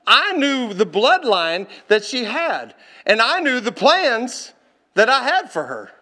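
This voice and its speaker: High, bright-voiced preacher telling a story. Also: male voice, slow. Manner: animated, laughing, calls out to the congregation. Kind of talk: storytelling sermon.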